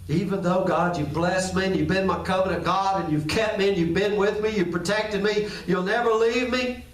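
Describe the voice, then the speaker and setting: Man doing humbled old schemer, hushed low whisper, confessional, deep-dropped voice, echoey, distant mic. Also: fairly even intonation, moderate pace, close to an everyday voice. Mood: confessing. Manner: broken, confessional.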